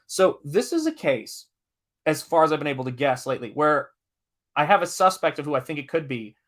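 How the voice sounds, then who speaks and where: A man from the American South hosts a live stream, reading chat comments and launching into an animated personal story. His voice sits a touch higher than most men's, and he talks in an emphatic, restless way, swearing when a point gets to him. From Southern United States, Tennessee. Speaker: live-stream host and comic artist.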